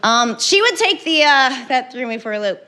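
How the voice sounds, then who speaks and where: A middle-aged woman doing a stand-up comedy set on stage, telling a story deadpan with sudden loud acted bursts. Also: high-pitched, normal speed. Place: stage before a live audience.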